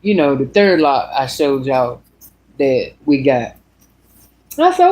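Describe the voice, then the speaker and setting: A woman's voice: a bass voice, very animated, slow, darkish tone. Blunt, profane woman telling a story. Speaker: vlogger. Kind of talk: casual storytelling monologue.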